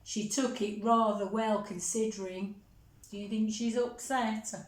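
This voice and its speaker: A woman reading a picture book aloud to children, gently chatting with them between pages. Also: medium pitch, steady tone, unhurried. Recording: roomy echo.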